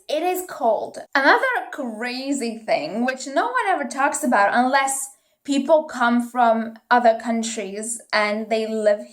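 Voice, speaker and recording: High-voiced Italian woman vlogging. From northeast Italy. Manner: chatty, many ums and restarts. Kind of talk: casual talk to camera.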